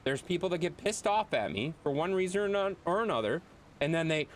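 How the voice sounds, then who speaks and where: A man's voice: a little high, sing-song, quick pace, slight background noise. A young man streaming a game, ranting bluntly and profanely to his chat. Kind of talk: casual live-stream chat while gaming.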